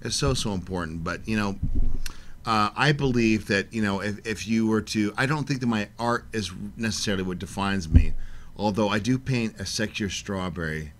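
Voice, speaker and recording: A middle-aged man chatting as a guest on a radio show, telling lively stories and acting out quotes in a raised voice. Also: fairly low pitch, moderate pace, slight background noise. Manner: animated storyteller, acts out quotes in a raised voice. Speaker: guest artist. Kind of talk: casual interview chat.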